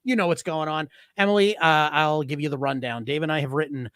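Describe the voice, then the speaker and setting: A man's voice: a little high, steady tone, brisk, fairly bright tone, no room sound. A man co-hosting a comedy podcast, joking around and explaining how the news segment works. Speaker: podcast co-host. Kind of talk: casual comedy podcast chat.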